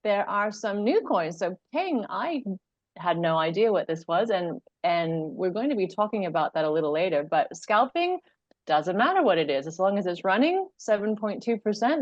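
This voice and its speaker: A woman gives a brisk, upbeat rundown of the week's results on a casual livestream. Her voice comes through dull and lo-fi, with a dry, close sound and no room around it. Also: medium pitch, big pitch swings, dry recording. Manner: brisk and upbeat, listing figures. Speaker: co-host presenting weekly results.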